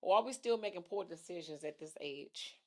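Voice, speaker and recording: A middle-aged woman hosts a casual livestream talk show, reading viewer comments aloud, thinking out loud and repeating her phrases. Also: on the low side, lively intonation, moderate pace.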